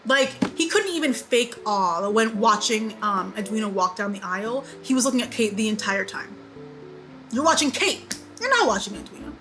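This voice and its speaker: A woman in her twenties giving a casual, animated TV recap, repeating lines for emphasis and laughing often. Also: a little high, poor audio. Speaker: beauty vlogger.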